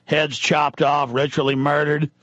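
A man's voice: fairly high pitch, level tone, measured pace, fairly bright tone, no echo, highs cut off. A man hosting a talk radio show, ranting indignantly and reading news items aloud in an impassioned monologue.

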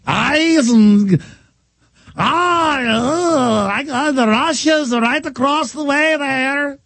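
A man mimicking a woman politician with a high, drawling, stammering folksy voice. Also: slow pace, dry recording.

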